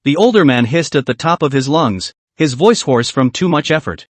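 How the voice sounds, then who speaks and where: A man narrating a comic story recap, reading every character's lines in one steady narrating voice. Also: fairly high pitch, normal speed, few pauses, dry recording.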